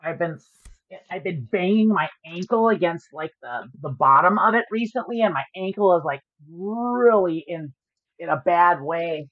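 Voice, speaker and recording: A woman's voice: on the low side, lively intonation, no room sound. Joking, profane woman poker streamer. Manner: joking, profane, quick to explain. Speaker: poker streamer explaining her play. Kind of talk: livestream commentary. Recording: dry, slightly dull lo-fi audio.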